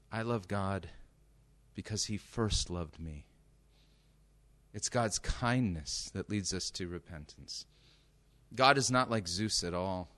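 A male preacher with a bright, forceful voice delivers a sermon. He leans on his points and keeps turning rhetorical questions on his listeners. His pitch sits mid-range for a man.

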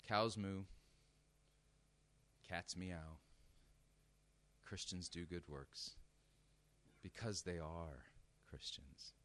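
A man's voice: sits low, very slow, long pauses, fairly bright tone. A man preaching a sermon, emphatic and direct, often asking his listeners rhetorical questions.

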